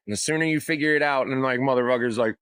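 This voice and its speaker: A man's voice: medium pitch, racing, a bit bright. Heated, profane ranting man. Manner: profane, heated, acts out the people he quotes. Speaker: host. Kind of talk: political rant.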